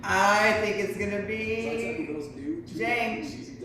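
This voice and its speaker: A woman's voice: medium pitch, very slow, fairly bright tone, slight background noise. A woman co-hosting a casual live chat, chatty and full of "like". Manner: chatty, says "like" often. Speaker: co-host. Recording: echoey room, far mic, crowd behind.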